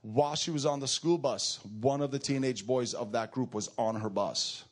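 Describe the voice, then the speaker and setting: Male preacher, sermon storytelling, animated delivery, swings high and low. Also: normal speed. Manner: animated, storytelling, rises in pitch for emphasis and drops low for quiet moments.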